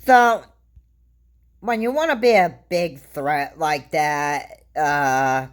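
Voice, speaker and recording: A woman giving casual political commentary to camera, rambling and halting, restarting her sentences often. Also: low-pitched. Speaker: vlogger.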